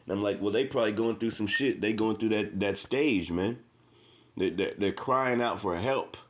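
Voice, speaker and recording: A man's voice: on the low side, moderate pace. A man preaching informally and with passion, repeating himself, reading scripture aloud between his own words. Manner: impassioned, repetitive, says "man" often. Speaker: street preacher.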